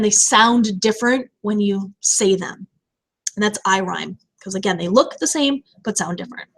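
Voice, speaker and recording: A woman teacher explaining poetry terms in a recorded lecture, slowing down to stress key words. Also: a little high, fairly bright tone.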